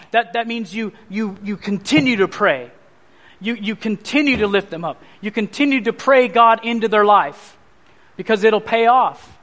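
A man preaching a sermon, telling his personal testimony as an animated story and acting out the voices of others. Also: sits high.

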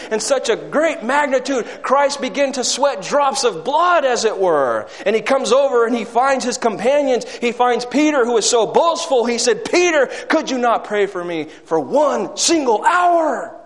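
A man with a high voice preaches a sermon, swinging between hushed, low quoted words and raised, urgent passages. He throws rhetorical questions out to his listeners. His voice rings with a long reverb, as in a large hall. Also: expressive, moderate pace, few pauses.

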